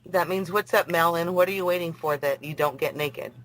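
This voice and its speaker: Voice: mid-range voice, fairly quick, fairly bright tone, a little hiss or hum, low-quality recording. Angry, provoking prank caller on a phone. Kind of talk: phone conversation.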